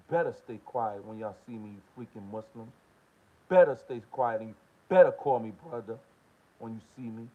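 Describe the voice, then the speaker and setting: A mid-range, warm-toned male voice with a slight hiss or hum comes from an American political commentary host. He launches into a heated, confrontational monologue full of swearing and repeated short questions, recorded in dull lo-fi quality.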